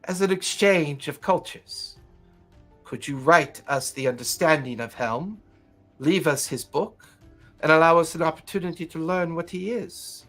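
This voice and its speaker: A man voicing an aloof female matriarch of an underwater council, speaking in a formal, measured, commanding way. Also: fairly high pitch, a bit bright, soft background music.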